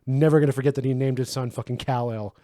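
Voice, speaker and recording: A man's voice: medium pitch, fairly even intonation, fast talker, dark tone, no room sound, clean studio sound. A man co-hosting a casual movie review chat, swearing freely and slipping into mock impressions. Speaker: podcast co-host.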